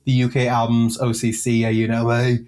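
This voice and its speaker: Co-hosting a music podcast, a man reads out chart positions in a medium-pitched, somewhat mellow monotone, speaking a little fast. It's casual and rambling, heavy on filler ums and joking asides.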